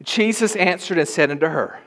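A man preaching a sermon in a church, emphatic and at times rising to shouts. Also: high-pitched, moderate pace. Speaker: pastor.

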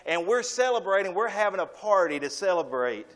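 A man's voice: sits high, sing-song, fairly quick, pitched above the performer's own voice. A man voicing an eager male servant breathlessly telling the news. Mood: excited.

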